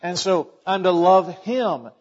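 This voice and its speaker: A man's voice: high voice, slow, muffled recording. A middle-aged man preaching a sermon in a church, folksy in tone, building emphasis and quoting scripture. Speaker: pastor.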